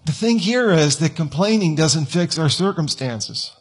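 Husky-voiced man preaching a sermon. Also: a little high, expressive, a little slow, few pauses. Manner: conversational, acts out whiny quoted voices. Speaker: pastor. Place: church.

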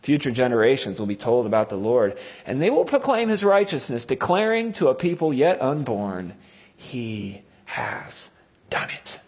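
A man delivers a sermon in a husky, slightly breathy voice of middling pitch. He reads scripture dramatically, climbing to loud, urgent cries and then sinking to hushed, intimate tones. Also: huge pitch swings, brisk, hardly any pauses. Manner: dramatic, rises to loud cries when quoting psalms, drops to hushed tones. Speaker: preacher.

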